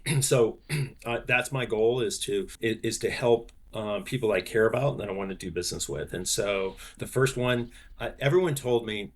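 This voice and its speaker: A man in his sixties, a sports business executive, telling stories as a podcast guest, animated and full of fillers and restarts. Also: on the low side, normal speed. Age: 60s. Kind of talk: podcast interview, anecdote telling.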